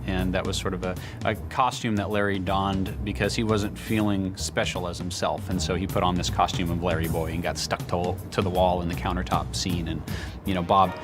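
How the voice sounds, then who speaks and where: A man who worked as voice actor and sound editor, recalling the work in a halting interview manner. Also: low voice, level tone. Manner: halting recollection with restarts. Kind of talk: behind-the-scenes interview. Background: music.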